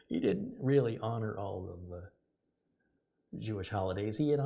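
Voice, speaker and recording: A man's voice: medium pitch, warm tone, husky. A middle-aged man hosting a casual live stream, sarcastic and rambling, reading out viewer donations.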